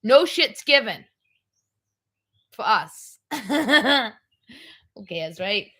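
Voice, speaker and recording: A woman's voice: fairly high pitch, very animated, extremely slow, sharp tone, slightly rough. A middle-aged woman hosting a livestream, chatting casually in a blunt, rambling way. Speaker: livestream host. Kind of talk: casual chat.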